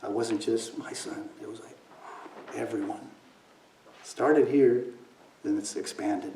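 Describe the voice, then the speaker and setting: A meditation teacher gives a dharma talk in a meditation hall, his mid-range voice slow and dark as he tells a personal story. He acts out quoted voices and sometimes sinks to near whispers. The room echoes, the mic sits at a distance, and there's faint noise.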